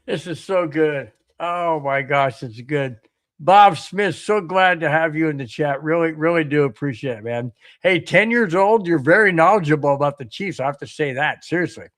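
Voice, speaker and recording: A man's voice: a little high, animated, moderate pace, a bit bright. A man co-hosting a casual sports podcast, laughing often and reading chat comments aloud. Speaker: podcast co-host.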